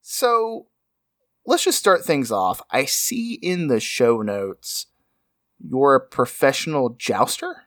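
A man's voice: very animated, slow, fairly bright tone, dry recording, clean studio sound. A man hosting an improvised comedy podcast over a video call with a headset, skeptical and teasing. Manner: skeptical, teasing, with big pitch swings.

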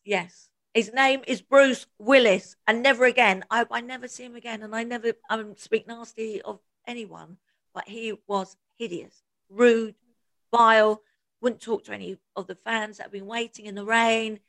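Fairly high-pitched and moderately paced, a woman co-hosts a podcast and tells stories in easygoing chat. She is animated throughout, laughing often and performing quotes.

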